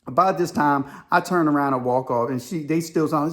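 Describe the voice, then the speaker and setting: A man's voice: a little high, fairly quick, a bit bright. Chatty New man telling a story. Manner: colloquial, rambling with repetitions. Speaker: vlogger. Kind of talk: casual storytelling monologue.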